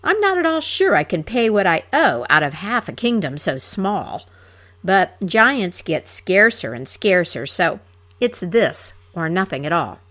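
A blustering young hero in tin armor bellows his demands in a raised, insistent voice, as a woman reader puts him on. His pompous claims rise and fall with lively swings of pitch. It is a storybook poem read aloud slowly. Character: blustering boastful young male knight in clanking armor.

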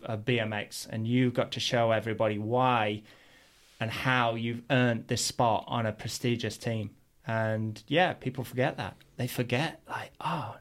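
Man, middle-aged, guest storyteller, animated, mid-pitched, casual. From England. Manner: animated, acts out quotes in his stories. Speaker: guest, pro BMX rider.

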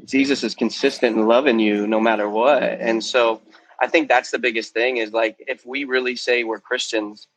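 A man's voice: mid-range voice, steady tone, moderate pace, a bit bright, poor audio. Earnest man telling his testimony. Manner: earnest, candid, peppered with "um" and "man". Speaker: youth ministry guest. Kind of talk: personal testimony in a podcast interview.

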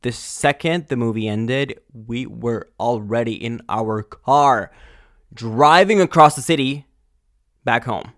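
Man ranting on a podcast, slow and drawn out, angry and profane, filler-heavy, dry close mic. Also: medium pitch, no room sound. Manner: lots of filler words and restarts, sudden loud outbursts. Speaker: podcast host. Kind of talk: casual ranting monologue.

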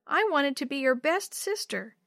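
A woman's voice: high-pitched, lively intonation, normal speed, fairly bright tone, no echo, clean studio sound, pitched above the performer's own voice. A woman voicing a small, sad little girl who asks plaintive, pleading questions.

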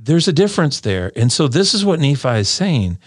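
A man's voice: on the high side, big pitch swings, breathy edge, no echo, clean studio sound. A man co-hosting a casual scripture discussion in a small room, talking earnestly and often repeating his first words. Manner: earnest, repeats words when starting sentences, reads verses aloud slowly. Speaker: podcast co-host discussing scripture.

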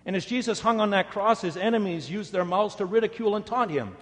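A male pastor preaching a sermon, telling stories dramatically and dropping to a soft voice for prayer. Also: sits high, quick pace, in a large hall. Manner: dramatic storytelling, rising loud for quoted taunts, dropping soft for prayer.

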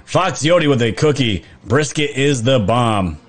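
A man's voice: mid-range voice, lively intonation, a little slow. A man, chatting casually on a live stream, reading viewer comments, laughing often and restarting his sentences. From New York.

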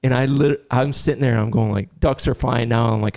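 A man hosting a podcast, telling a long story in a casual, animated way and laughing now and then. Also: mid-range voice, a little fast, no echo, clean studio sound. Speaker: podcast host and dog trainer.

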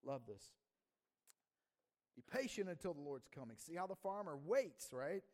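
A man's voice: fairly high pitch, sing-song, moderate pace, a little mellow. A man preaching a sermon in a casual, conversational way, often checking in with the audience and asking "right?". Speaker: pastor.

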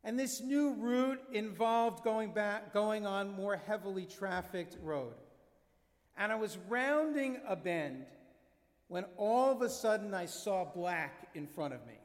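Rabbi, fifties, high-pitched man, earnest storyteller at the pulpit, big echoing hall. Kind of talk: sermon. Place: synagogue sanctuary. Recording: long reverb of a large hall.

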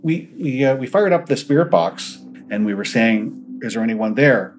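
A man's voice: mid-range voice, expressive, moderate pace, poor audio. A man, a paranormal investigator, earnestly recounting his investigations in an interview and acting out the dialogue he quotes.

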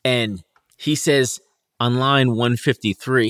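A man's voice: medium pitch, slow, a bit bright, dry recording, clean studio sound. A man co-hosting a casual podcast, switching between swearing banter and dramatic readings of old verse. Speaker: podcast co-host. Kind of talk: casual chat with read-aloud lines.

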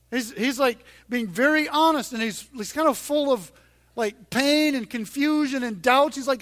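A middle-aged man preaching a sermon in a conversational way, dropping to a hush and then rising loud and emphatic. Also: very high voice, moderate pace, no room sound. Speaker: pastor.

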